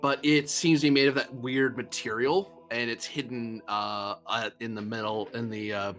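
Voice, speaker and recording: A man's voice: mid-range voice, steady tone, fairly bright tone, faint music behind. Man game-mastering a sci-fi tabletop game. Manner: laughs often, fills pauses with uh. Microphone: streaming mic.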